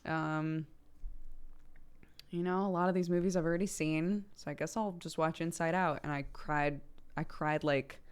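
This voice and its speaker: A young adult woman streamer chatting casually with her viewers, laughing often and jumping up in pitch when she gets excited. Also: moderate pace, clear, resonant tone.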